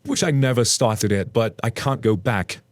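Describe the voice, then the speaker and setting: A man narrating a story aloud and then chatting casually about it, with an animated, playful storytelling manner. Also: mid-range voice, moderate pace, no echo.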